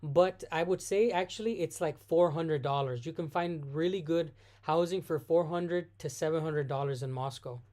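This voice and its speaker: A voice hosting a live stream in a loose, casual Q&A. They read out questions from the chat and answer on the spot. Their answers are full of restarts and quick self-corrections. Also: medium pitch, mellow. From United States.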